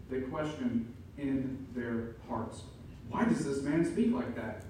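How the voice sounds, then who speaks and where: A man preaching an emphatic sermon as pastor, building to loud peaks. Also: mid-range voice, lively intonation, slow, a little hiss or hum. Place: church sanctuary. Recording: echoey room from far off.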